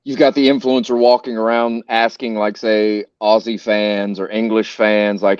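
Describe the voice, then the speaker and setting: A man's voice: lowish voice, flat delivery, moderate pace, clean tone, no echo. Profane rambling man, dull dry sound. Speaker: podcast host. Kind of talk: casual chat.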